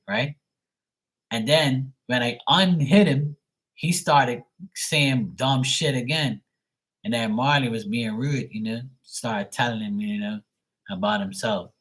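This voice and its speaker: A man hosting a livestream recounts chat trolls in a profane, mocking, rambling way, laughing often. His voice is lowish and a bit bright.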